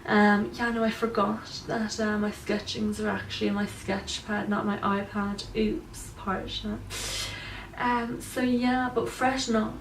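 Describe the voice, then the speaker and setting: In a comedy monologue to camera, an actress plays a self-absorbed young woman vlogging about her life, rambling smugly and constantly tagging "do you know" onto her lines. Her medium-pitched voice is level, unhurried and lightly acted, picked up by a distant mic in a roomy space with a faint hum.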